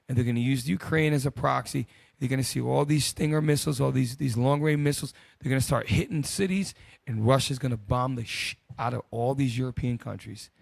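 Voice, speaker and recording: A man's voice: medium pitch, gravelly, darkish tone, dry recording, clean studio sound. A man hosting a group discussion, commenting bluntly and casually on news clips. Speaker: host.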